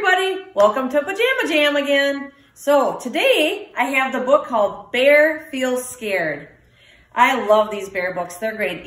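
High, lively woman reading a storybook. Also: distant mic. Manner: lively, animated voices for the animal lines. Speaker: teacher reading a picture book. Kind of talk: storybook read-aloud for children. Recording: roomy, from the mic.

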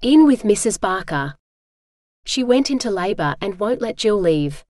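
A woman's voice: mid-range voice, sing-song, a little slow, darkish tone, no echo, clean studio sound. A woman reading a sleepy male orderly. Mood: offhand. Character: sleepy young male hospital orderly, matter-of-fact.

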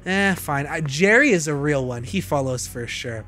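A man's voice: on the high side, moderate pace, soft background music. A young man streaming a game, joking and putting on voices for its characters. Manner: animated, jokey, puts on voices for game characters. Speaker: gaming streamer. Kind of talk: playing a game, voicing its characters.

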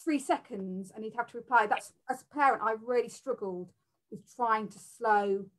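A woman's voice: fairly high pitch, moderate pace, low-quality recording. Chatty woman from the library. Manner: warm, chatty, many fillers and restarts. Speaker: library worker. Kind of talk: live Q&A chat.

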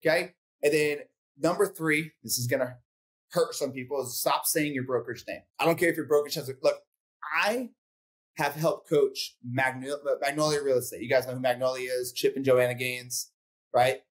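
A man's voice: mid-range voice, fairly even intonation, moderate pace. A man coaching real estate agents in casual podcast talk, blunt and profane, acting out phone calls as he goes.

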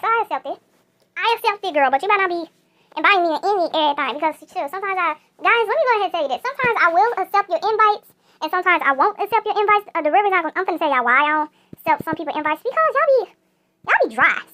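A woman's voice: very high voice, lively intonation, racing, pushed and bright. A female YouTuber chatting casually over mobile gameplay, repeating herself and talking straight to her viewers.

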